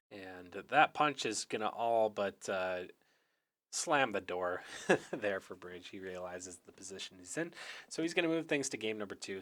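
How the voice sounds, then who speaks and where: A young man, hoarse, casting a card game match solo in an easygoing, chatty play-by-play style. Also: lowish voice, a bit bright. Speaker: esports caster.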